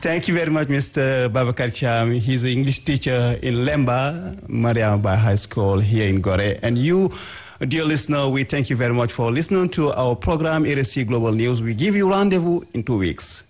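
Man, mid-pitched, courteous formal radio host. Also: lively intonation, moderate pace, darkish tone. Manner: polite, formal, addresses guest by title. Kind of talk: radio interview.

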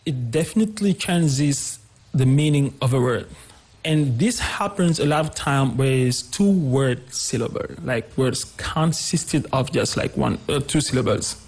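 A man's voice: medium pitch, a little slow, darkish tone, breathy edge. A man, an English teacher explaining pronunciation patiently in a radio interview and repeating example words.

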